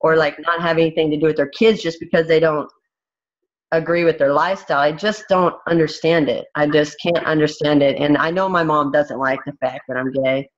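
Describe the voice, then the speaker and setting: A woman's voice: sits low, fairly even intonation, a little fast. A woman in her thirties, a fighter as interview guest, talking candidly in a blunt, emphatic way with many restarts. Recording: dull, muffled recording.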